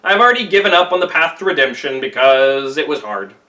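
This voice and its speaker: A man's voice: fairly high pitch, very animated, a little fast, bright, forceful tone, far from the mic, pitched below the performer's own voice. A man doing a brash, cocky monkey hero. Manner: breezy, slangy, boastful.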